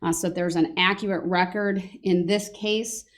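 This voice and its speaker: A woman judge addresses the court with a fairly low voice in a formal, measured manner. She pauses often on small fillers between her points and stays steady and procedural.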